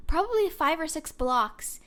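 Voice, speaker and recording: A woman's voice: sits high, lively intonation, measured pace, fairly bright tone. A woman co-hosting a podcast, recounting details in a matter-of-fact casual way. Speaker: podcast co-host. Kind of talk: casual chat.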